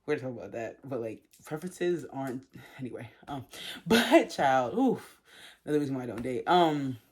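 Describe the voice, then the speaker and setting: A young woman vlogger telling a storytime in a chatty, animated way, full of fillers and laughs. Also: a bass voice, fairly quick, breathy edge. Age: young adult. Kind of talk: storytime vlog.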